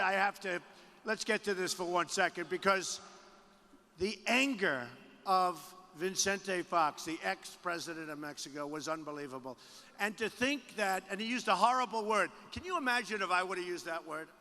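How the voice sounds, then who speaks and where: A man delivers a boastful, repetitive campaign rally speech, high-pitched and bright-toned, and breaks into shouted bursts. His voice rings through a long arena reverb with faint crowd noise behind. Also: normal speed. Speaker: political candidate at a rally. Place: large rally venue.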